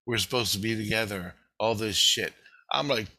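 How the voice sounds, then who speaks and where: A man's voice: fairly low pitch, normal speed. A man telling a rambling story in a casual monologue, cursing freely and acting out the voices of the people he quotes. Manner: animated, profane, acts out quoted voices. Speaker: vlogger.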